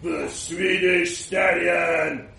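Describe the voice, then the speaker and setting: A man's voice: high voice, animated, a little slow, creaky, a bit bright, recorded from a distance, exaggerated voice. A man voicing a boastful, scheming man who talks in broken English. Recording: roomy, from the mic.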